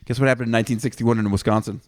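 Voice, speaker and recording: Rapid-fire and steady in tone, this medium-pitched Canadian man presents the research on a casual comedy podcast he co-hosts. He reads out facts, then breaks off into crude jokes, recorded in a dry, clean studio.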